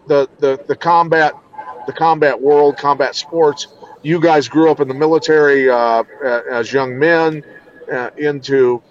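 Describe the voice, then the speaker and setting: A middle-aged man from Iowa, a combat and law enforcement trainer, speaking bluntly and with plenty of swearing in a casual podcast chat. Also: on the high side. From Iowa, USA. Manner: blunt, profane, emphatic. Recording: dull lo-fi sound.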